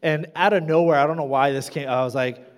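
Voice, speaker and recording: High-voiced pastor in a reverberant hall. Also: male voice, fast. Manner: self-deprecating, animated storytelling. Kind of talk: sermon with personal stories. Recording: long reverb of a large hall.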